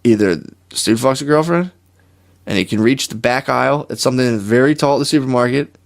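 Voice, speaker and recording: A man's voice: mid-range voice, fast, gravelly. A man co-hosting a comedy podcast, telling rambling, profane stories in casual chat. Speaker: podcast co-host.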